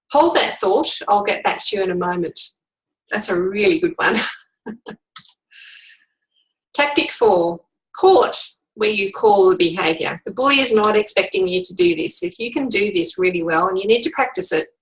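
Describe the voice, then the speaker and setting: Calm woman teaching a workplace course. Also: mid-range voice, gravelly, poor audio. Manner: calm, measured, demonstrates sample replies. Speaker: workplace bullying coach. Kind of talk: instructional e-course lesson.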